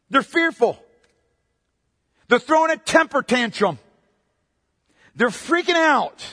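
Male pastor, high voice, emphatic sermon delivery, long hall echo. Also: big pitch swings, takes it slowly, long pauses. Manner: emphatic, swings from loud to quiet.

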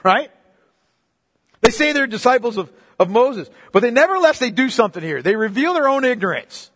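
A man's voice: very high voice, animated, fairly quick, a bit bright. A man preaching a sermon, emphatic and casual, repeating his phrases, recorded in a church hall. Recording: long reverb of a hall.

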